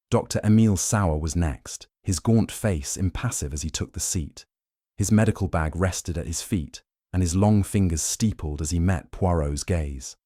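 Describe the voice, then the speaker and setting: A man narrating a mystery audiobook in a measured, even storytelling manner. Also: low voice, no room sound, studio quality.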